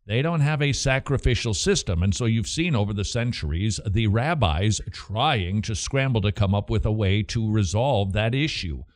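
A man's voice: lowish voice, animated, moderate pace, hardly any pauses. A man hosting a talk radio show, answering listener questions emphatically and using plenty of rhetorical questions.

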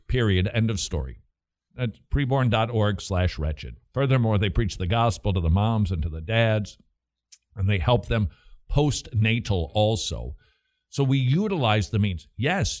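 Emphatic male talk radio host. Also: on the low side. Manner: emphatic, uses rhetorical questions.

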